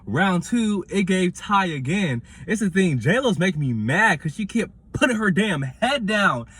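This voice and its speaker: A man, reviewing a reality show in casual commentary with animated, dramatic retelling. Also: high voice, a little slow, breathy edge, no echo.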